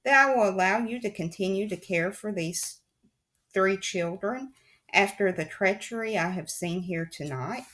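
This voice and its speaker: A stuffy male official, read by a woman in a storybook audiobook, who sounds exasperated and harsh. The delivery has a lively rise and fall. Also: mid-range voice, measured pace. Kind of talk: audiobook character voice.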